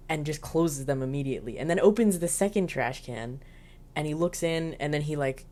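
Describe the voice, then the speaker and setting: A woman's voice: low voice, a little mellow. A woman casually recapping television episodes in a chatty, filler-heavy way with giggly asides. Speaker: show reviewer.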